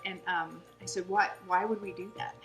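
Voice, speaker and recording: A woman's voice: lowish voice, steady tone, moderate pace. A middle-aged woman, a holistic health coach, telling her story in an interview, earnest and chatty with many fillers. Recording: roomy echo, music underneath.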